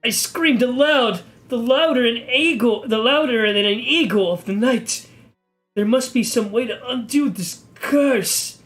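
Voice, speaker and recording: A man giving a mock-serious, deadpan reading of an amateur horror story, stumbling over the text now and then. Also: extremely high pitch, unhurried, soft background music. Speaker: video creator reading a story.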